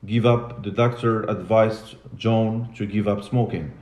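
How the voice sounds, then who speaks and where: A man's voice: lowish voice, fairly even intonation, a little slow, a little mellow. Man teaching in an echoey classroom. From Morocco. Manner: patient, repeats and spells words, switches into Arabic and French. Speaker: English teacher. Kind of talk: classroom lesson.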